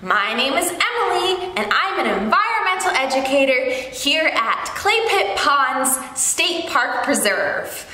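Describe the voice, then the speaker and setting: A young woman working as an environmental educator, leading a story time lesson for toddlers in a bright sing-song manner. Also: high voice, sing-song, a little slow, hardly any pauses. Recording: echoey room with long reverb.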